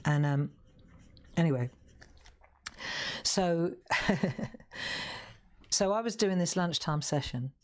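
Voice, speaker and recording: A woman hosting a live craft show, chatting as she colours. She has a fairly low voice, and she rambles through stories with easy, informal asides. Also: expressive, slow, pauses often. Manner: rambling, chatty storytelling with laughs. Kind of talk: casual live-stream chat while colouring.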